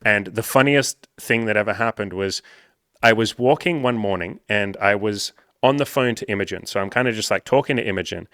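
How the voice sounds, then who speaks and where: A man's voice: on the low side, a little fast, fairly bright tone, no echo, studio quality. A young man, telling stories casually and animatedly, full of "like" fillers and swearing. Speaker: podcast host reading comments. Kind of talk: casual storytelling.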